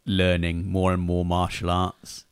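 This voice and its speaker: A man's voice: deep voice, monotone, measured pace, clear, resonant tone, no room sound, clean studio sound. A man co-hosting a podcast, chatting casually with wry jokes. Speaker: podcast co-host. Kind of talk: casual chat.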